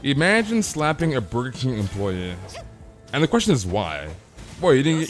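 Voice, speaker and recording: A man's voice: medium pitch, wildly swooping pitch, normal speed, faint music behind. A man chatting casually on a live game stream, ranting animatedly and peppering his talk with "freaking" and "dude".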